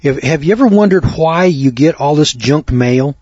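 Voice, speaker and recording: An older man telling a long folksy story in a rambling talk, with many fillers and throat clearing. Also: on the high side, animated, normal speed, a little mellow, no echo, highs cut off. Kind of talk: rambling spoken monologue.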